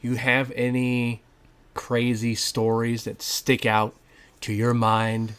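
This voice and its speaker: A man's voice: medium pitch, completely flat delivery, takes it slowly, fairly bright tone, smooth. A man hosting a casual podcast chat, laid-back, laughing along and prompting his guest with questions. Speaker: podcast host.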